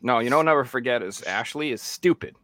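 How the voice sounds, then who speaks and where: A man with an Australian accent chatting casually on a gaming podcast, acting out his own reactions in sudden high bursts. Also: fast, fairly bright tone, no echo. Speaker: podcast co-host. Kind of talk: casual chat.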